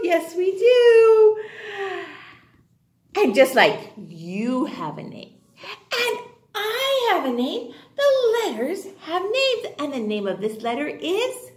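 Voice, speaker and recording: A high-pitched woman teaches a phonics lesson to small children, her voice leaping all over the place as she speaks. She talks slowly and cheerfully in an exaggerated sing-song. The room around her sounds echoey. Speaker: kindergarten teacher.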